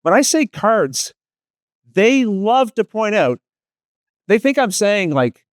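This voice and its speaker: A man with a Maritime Canadian accent giving a lively conference panel talk, joking with the audience and asking them questions. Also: sits high, normal speed, no room sound, studio quality. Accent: East Coast Canadian, Maritimes. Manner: lively, self-deprecating, asks the audience questions. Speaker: panel presenter, tutorial video creator.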